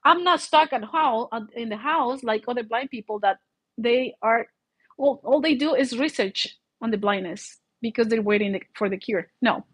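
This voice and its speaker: A middle-aged woman with a foreign accent, English not her first language, telling her own story in an animated way, full of restarts and fillers. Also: on the high side, moderate pace, dry recording, poor audio. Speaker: vlogger. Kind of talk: personal storytelling.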